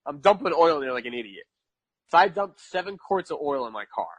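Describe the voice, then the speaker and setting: Animated man telling a rambling story. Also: fairly high pitch, fast, slightly rough, no room sound. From New York. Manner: animated, repeats phrases for emphasis, laughs at his own story. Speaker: podcast guest. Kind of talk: casual storytelling.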